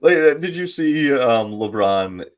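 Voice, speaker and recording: This is a male podcast co-host with a mid-range voice, lively intonation and an unhurried pace. He's in a casual sports debate, chatting loosely about sports and telling stories sprinkled with joking asides.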